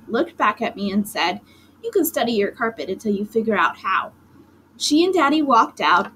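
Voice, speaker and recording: A woman with a fairly high voice reads a children's story aloud, telling it in the first person with lively, dramatic energy. A faint hiss sits under the recording. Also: rough recording. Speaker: audiobook narrator. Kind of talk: expressive storybook reading.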